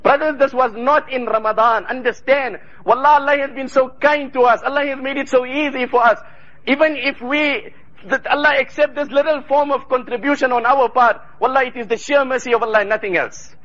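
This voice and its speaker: A man's voice: very high voice, fairly even intonation, a little fast, a bit bright, highs cut off. A man preaching a sermon, retelling stories with fervour and quoting Arabic phrases. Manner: fervent storytelling, quoting Arabic.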